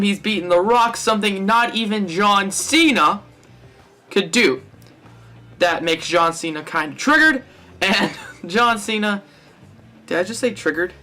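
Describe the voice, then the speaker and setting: A young wrestling fan vlogger rambles casually through a fantasy-booking monologue in a high, bright, forceful voice. He keeps correcting himself and cracking jokes along the way.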